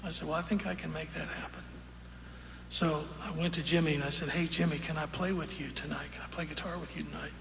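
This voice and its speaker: Man, onstage storyteller, folksy, gravelly, long hall echo, audience noise. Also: fairly high pitch, fairly even intonation. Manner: folksy, unhurried, with fillers and quoted dialogue. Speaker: singer telling a story on stage. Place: large concert hall with audience. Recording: roomy live hall recording with audience noise.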